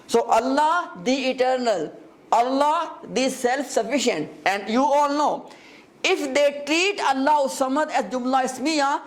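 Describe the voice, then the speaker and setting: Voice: sits high, a little slow. A grammar teacher in a live class who explains step by step, repeats key terms and often stops to ask the students whether they follow.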